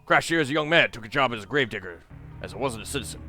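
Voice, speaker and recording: An eccentric old army brigadier, cheery and blustering, as a man reads him out. His lines swing up and down with lively pitch and come out in a bright, forceful tone. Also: rapid-fire, soft background music. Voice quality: pompous, exclaiming. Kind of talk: reading game dialogue aloud.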